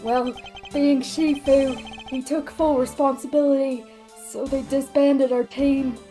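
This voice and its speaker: An earnest young male ex-agent played by a woman with an attempted Cockney accent. He speaks hesitantly, in halting bits, and the voice sits high. Faint game music runs behind. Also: flat delivery, mellow. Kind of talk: let's play voice acting.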